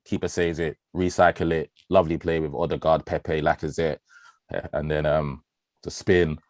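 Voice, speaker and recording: Brief: low-pitched man, podcast co-host, excitable slangy football talk, dry close-miked sound. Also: normal speed, no room sound. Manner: animated, slangy, swears freely, laughs often. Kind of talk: casual football chat.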